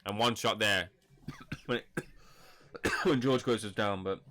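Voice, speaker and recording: Lively low-voiced man. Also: slow, pauses often. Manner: chatty, rambling, animated. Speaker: boxing channel host. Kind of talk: live fight reaction commentary.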